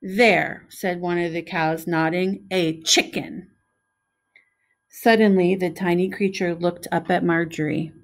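A middle-aged woman, a preschool teacher, reading a picture book aloud in an expressive, friendly way and pointing out the pictures. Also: on the low side, normal speed, few pauses.

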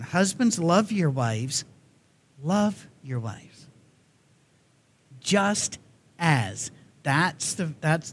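A man with a Tennessee accent preaching a folksy sermon in a church, joking often and restarting his sentences. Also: fairly high pitch. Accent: Southern US, Tennessee. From Nashville area, USA. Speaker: guest preacher.

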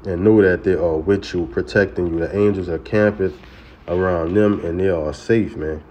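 A man teaching scripture in a casual way, often saying "man" and "you know" and chanting sacred names slowly. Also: low voice, fairly even intonation, a little mellow. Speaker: religious teacher.

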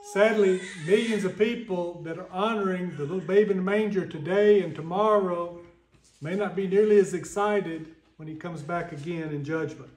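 High-voiced Southern preacher in an echoey church. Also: male voice, a little mellow. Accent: Southern American. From American South. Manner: earnest, folksy preaching with scripture reading. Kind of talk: Sunday sermon.

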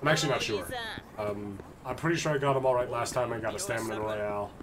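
A man's voice: medium pitch, fast talker, crowd noise. A man casually commenting on a video game as he plays, with playful, wry asides. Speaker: streamer. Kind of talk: gameplay commentary. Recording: game music behind voice.

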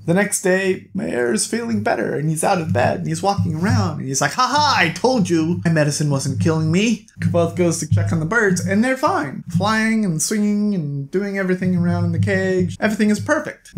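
A book reviewer talks through a novel in a loose, chatty recap. The tone is playful, with jokey asides aimed straight at the listener. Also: mid-range voice.

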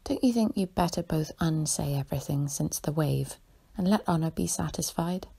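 A woman voicing a kind, sensible older girl in a soft whispered role-play for a bedtime story. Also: low voice, moderate pace, exaggerated voice. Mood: gentle. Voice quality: husky, creaky whisper.

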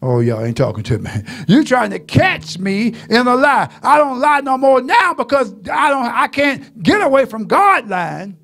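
A middle-aged man preaching a sermon, joking folksily and swinging from low asides to shouted lines. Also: big pitch swings, unhurried, few pauses. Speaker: pastor.

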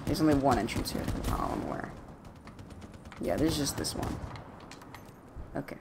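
A young man casually commentating his own gameplay at home, jokey and trash-talking with sudden loud outbursts. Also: medium pitch, very animated, moderate pace, creaky, heavy background noise. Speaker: gaming YouTuber. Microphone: desktop USB mic.

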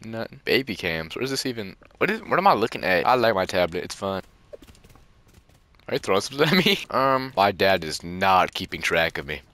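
A young man doing casual gaming commentary, laughing often and breaking into sudden high-pitched yells. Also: sing-song, brisk, dry recording. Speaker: gaming channel host.

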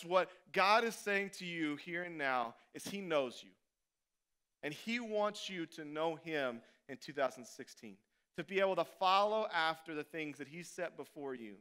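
A man preaching a sermon as pastor, animated and conversational, swinging from loud to hushed. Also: on the high side, clean tone. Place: church.

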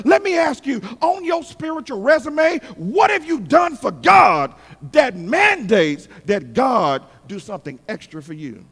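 Male pastor mid-sermon, preaching with great passion, very animated pitch, hall echo behind him. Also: unhurried. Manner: impassioned preaching, swinging from shouts to hushed tones; calls on the congregation to respond. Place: church sanctuary.

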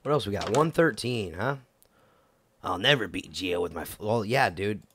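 A man's voice: lowish voice, lively intonation, normal speed, a bit bright, a little hiss or hum. A man giving casual let's-play commentary, goofy and chatting to the game characters as he plays. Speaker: gameplay commentator.

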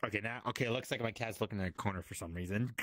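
Male streamer, playful and giggly, animated delivery, dry close sound. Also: lowish voice, fast, dry recording. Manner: playful and giggly, chatting to his cat. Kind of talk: casual chat.

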